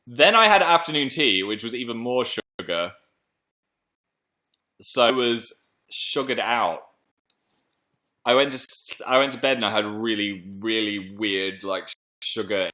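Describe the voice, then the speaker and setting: A young British man chatting excitedly on a live stream and reading viewer messages aloud. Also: lowish voice. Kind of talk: casual live stream chat.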